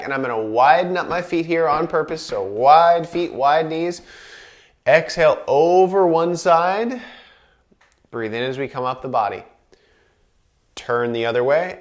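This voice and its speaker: A man of average pitch leads a guided breathing and movement class. He calls out each inhale and exhale in a calm, unhurried way, then drops into relaxed, chatty explanations between the cues. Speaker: movement instructor.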